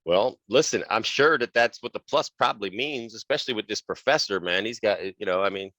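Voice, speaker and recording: A man's voice: on the low side, a little fast, a bit bright, dry recording, lo-fi sound. A man co-hosting a comedy podcast, talking bluntly with lots of swearing and "bro" in casual banter. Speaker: podcast co-host.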